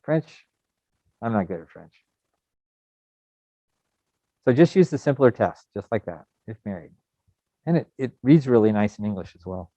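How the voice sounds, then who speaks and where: A middle-aged man from the United States teaching a programming lesson in a relaxed, rambling way with many fillers. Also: on the low side, normal speed, long pauses, no echo. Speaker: programming instructor. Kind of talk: recorded coding lecture. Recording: dull lo-fi sound.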